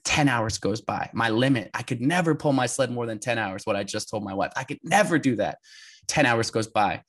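An energetic man from the United States tells a story in an emphatic, conversational way. His voice sits at an ordinary mid pitch. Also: a little fast. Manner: energetic, emphatic, often laughing. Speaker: podcast guest, adventurer.

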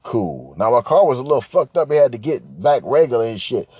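A man's voice: medium pitch, sing-song, fairly quick, dark tone, breathy edge, no room sound. A man hosting a podcast, telling a crude, rambling comic rant and rapping over a beat. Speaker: podcast host. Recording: hip hop beat playing behind.

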